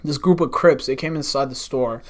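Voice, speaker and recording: A man's voice: medium pitch, normal speed. A young man, a podcast guest telling wild work stories in casual chat, swearing often and acting out what people said. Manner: animated, swears a lot, acts out quotes. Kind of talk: casual storytelling.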